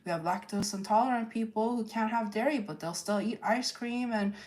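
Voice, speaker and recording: A woman giving a live tarot energy forecast, rambling with many fillers and tag questions, and acting out quoted people in lively voices. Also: fairly high pitch, a little fast, a little hiss or hum. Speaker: tarot reader.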